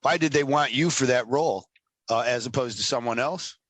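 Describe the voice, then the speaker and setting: Bright-voiced, teasing male podcast host. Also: mid-range voice, fairly quick, no room sound. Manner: teasing, joking banter. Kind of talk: casual podcast chat.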